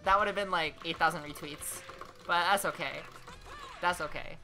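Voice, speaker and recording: A woman's voice: fairly low pitch, moderate pace. Swearing woman streamer over game music. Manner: talks to herself while playing, swears, swings from mutters to excited yelling. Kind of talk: casual gameplay commentary.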